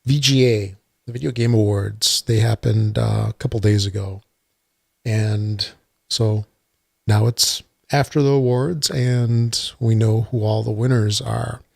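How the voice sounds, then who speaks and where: A man's voice: lowish voice, fairly even intonation, a little slow, vocal fry, dry recording. A man hosting a casual solo gaming podcast, rambling with lots of uhs and some dry sarcasm. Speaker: podcast host. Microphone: desktop computer mic.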